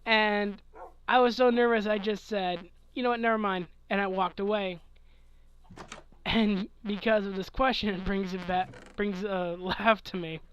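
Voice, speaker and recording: Young man, 20s, tired late-night vlog host, unhurried rambling delivery with chuckles, a touch of faint hiss behind. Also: high voice, steady tone, a bit bright, highs cut off. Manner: rambling, chuckling, trailing off mid-thought. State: sleepy, yawning. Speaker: gaming channel host answering questions. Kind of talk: casual late-night Q&A chat.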